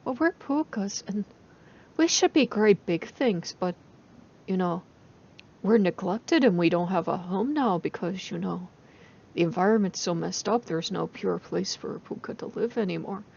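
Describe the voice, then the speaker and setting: A woman's voice: medium pitch, expressive, moderate pace, gravelly, a little mellow, slightly rough, muffled recording. A woman voicing a tiny, tricky male rabbit spirit who pleads eagerly in a bedtime story. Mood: plaintive.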